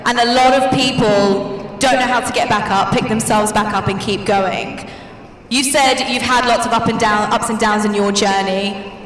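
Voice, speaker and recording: A woman's voice: a little high, fairly even intonation, moderate pace, fairly bright tone, distant mic, faint music behind. Woman asking questions in an echoey hall. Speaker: moderator. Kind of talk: interview question.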